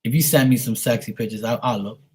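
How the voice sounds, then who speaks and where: Man, streamer, husky, profane, rambling, casual live chat. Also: medium pitch, fairly even intonation, fast talker, darkish tone.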